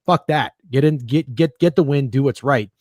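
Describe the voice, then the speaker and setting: A man's voice: medium pitch, normal speed, darkish tone, no echo, studio quality. A man hosting a sports podcast, steering the panel and citing stats in a casual, frank tone. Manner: leads the discussion, cites stats. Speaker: podcast host.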